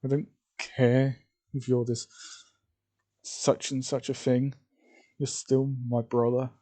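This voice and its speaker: An insistent, emotional young sister, as a man reading a fan story puts her on. The voice is lifted only slightly above his own and keeps a very dark, mellow tone. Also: medium pitch, flat delivery, slow pace, natural voice. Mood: pleading. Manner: insistent, pleading.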